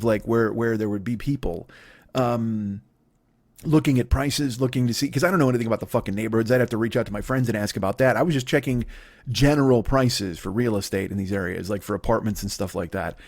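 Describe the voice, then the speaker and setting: A man's voice: mid-range voice, fast talker, a little mellow. A man in his forties from the United States doing a solo comedy podcast, ranting profanely and slipping into mocking put-on voices. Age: 40s. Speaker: comedian host.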